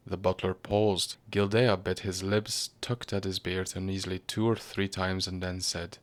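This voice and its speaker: Man, narrator, low voice, storybook reading, measured, grave. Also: level tone.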